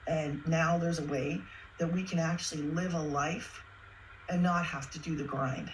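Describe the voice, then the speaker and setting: A woman's voice: sits low, steady tone, a little slow, a little hiss or hum, low-quality recording. A woman who is a single mother telling her personal story with earnest emotion, chatty and at times close to tears. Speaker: guest sharing her story.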